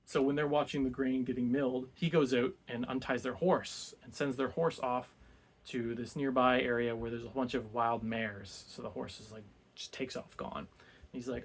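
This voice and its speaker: A young man retells a classic tale in a relaxed, chatty way. He keeps slipping into short put-on voices for the characters, then drops back to his plain voice at a mid pitch. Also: moderate pace. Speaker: book club host. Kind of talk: casual retelling of a classic book.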